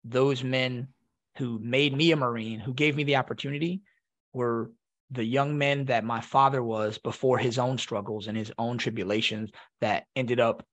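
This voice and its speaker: A man, a Marine veteran guest, telling a personal story in a reflective, halting way with many restarts. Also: medium pitch, steady tone. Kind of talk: emotional storytelling.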